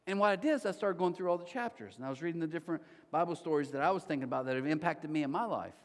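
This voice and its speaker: A middle-aged man preaching a sermon, telling stories from his own life in an animated way with sudden jumps in pitch. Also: rapid-fire. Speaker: pastor. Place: large church hall. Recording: long hall reverb.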